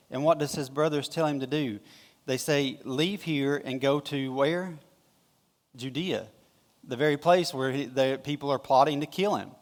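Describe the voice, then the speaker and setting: A man with a Southern American accent gives a relaxed, chatty sermon, telling the story in his own words and slipping into little voices for the quotes. His voice sits in a middling register, and the sound rings with a long church-hall reverb. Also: mid-range voice. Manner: casual, folksy storytelling with quick acted-out quotes. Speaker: pastor. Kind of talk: conversational sermon. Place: church sanctuary.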